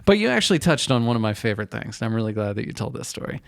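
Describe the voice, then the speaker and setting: A man's voice: medium pitch, big pitch swings, racing, gravelly, no room sound. A man in a mid-range voice hosts a casual podcast. His talk is chatty and loose, full of fillers. The sound is dry and close. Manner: chatty, fills with um and like, reacts with short murmurs. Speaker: podcast host. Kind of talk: casual chat.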